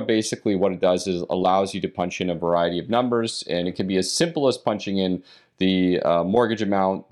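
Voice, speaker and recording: A man with a low, deep voice talks through investment property math on a podcast. He explains in long, run-on stretches, barely pausing for breath. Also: darkish tone. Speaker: podcast host. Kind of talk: casual podcast talk on real estate investing.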